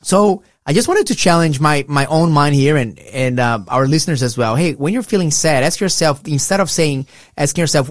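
A man's voice: fairly high pitch, expressive, normal speed, hardly any pauses, no echo, clean studio sound. A middle-aged man co-hosting a casual Bible discussion, earnest and reflective in a pastoral way. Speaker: podcast co-host.

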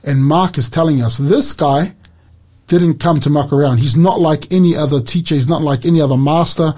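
A man from New leading a Bible study chat on Christian radio, earnest and animated, quoting scripture with emphasis. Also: on the high side, moderate pace.

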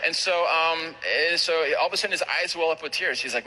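Fast, bright-voiced preaching man. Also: on the high side, low-quality recording. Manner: animated, rapid anecdotal preaching with asides to the crowd. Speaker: pastor. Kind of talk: sermon storytelling.

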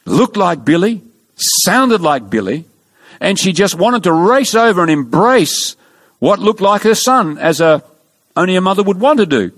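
A man preaching a sermon, telling stories with earnest emphasis and dramatic pauses. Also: sits high, sing-song, fairly bright tone. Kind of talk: sermon storytelling.

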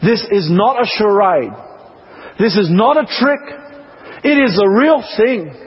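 Aussie preacher going hard in a church sermon, raspy voice, muffled lo-fi sound. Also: male voice, high-pitched, expressive, measured pace. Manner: impassioned, emphatic, repetitive. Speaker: pastor. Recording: dull lo-fi broadcast recording.

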